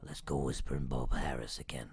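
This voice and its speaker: A man putting on a whispered late-night radio DJ voice, slow and breathy. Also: a bass voice, steady tone, voice pushed down. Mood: hushed. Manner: slow, murmured patter.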